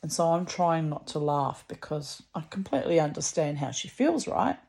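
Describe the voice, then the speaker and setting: A woman's voice: low-pitched, animated, moderate pace, creaky, darkish tone. A woman telling a story in a chatty, rambling way, blunt and salty, with lots of asides and restarts. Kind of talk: casual storytelling monologue.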